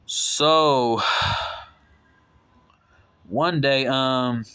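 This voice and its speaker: A man's voice: very slow, pushed and bright, clear, resonant tone. Young guy, casual rambling storyteller, exasperated asides. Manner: rambling, frequent fillers and restarts, exasperated asides; voices his own quoted retorts in a sharply raised pitch. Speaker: vlogger telling a work story.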